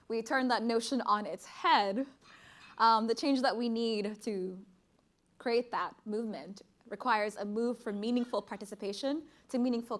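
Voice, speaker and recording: Earnest young woman from Sudan, slightly high. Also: a bit bright. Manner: earnest, emphatic, rhythmic delivery. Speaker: speaker and poet. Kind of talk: conference speech and spoken-word poetry. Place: conference stage before an audience.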